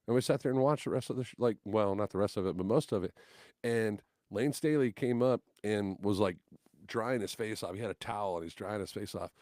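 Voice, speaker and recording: A man's voice: on the low side, brisk, no echo, studio quality. A man telling stories in casual podcast chat, acting out the voices in them and swearing casually. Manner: animated storyteller, acts out quotes, swears casually. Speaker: guest musician.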